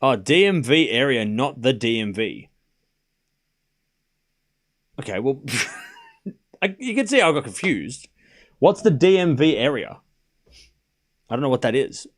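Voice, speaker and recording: A man's voice: mid-range voice, sing-song, normal speed, long pauses. A young man hosting a live tennis watchalong, calling points and chatting with his viewers. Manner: chatty, reads out viewer locations between play calls. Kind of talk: live stream commentary and chat.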